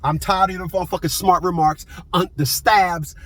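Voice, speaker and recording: A man's voice: sits high, steady tone, moderate pace, fairly bright tone. A man in his fifties telling a story in a blunt, profane casual monologue, repeating himself as he goes. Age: 50s.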